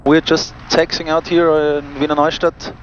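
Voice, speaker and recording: A man, a pilot and vlog host, reading out cockpit checklists crisply and adding friendly asides to viewers from a small aircraft cockpit. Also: a little high, flat delivery, moderate pace, dull audio, slight background noise.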